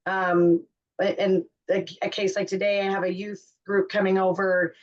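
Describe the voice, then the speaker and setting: A woman's voice: mid-range voice, little pitch movement, moderate pace. A woman host tells candid, chatty stories about her busy family life in a casual way. Her voice sounds distant from the microphone and muffled, with a dull, lo-fi tone. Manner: chatty, candid, self-deprecating storytelling. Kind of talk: casual chat.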